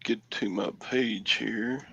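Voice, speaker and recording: A man's voice: lowish voice, steady tone, takes it slowly, creaky, fairly bright tone, dry recording, highs cut off. A man co-hosting a casual live-stream show, trading dry, sarcastic quips. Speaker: co-host of a reseller morning show.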